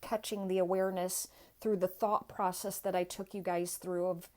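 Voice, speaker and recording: Earnest woman with a flat, level pitch. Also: normal speed. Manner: earnest, speaks straight to viewers. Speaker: guest speaker. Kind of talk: inspirational personal talk.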